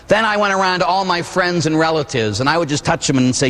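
A man from Pittsburgh giving a Catholic testimony sermon, telling a personal story with comic, animated energy. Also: a little high, fast talker. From Pittsburgh, USA. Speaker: Catholic preacher. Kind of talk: testimony sermon to a live audience. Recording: long hall reverb.

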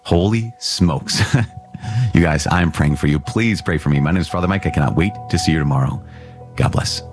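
A man's voice: rumbling low, fast talker, faint music behind. A man, a priest, giving an earnest, conversational homily with playful asides. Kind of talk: podcast homily.

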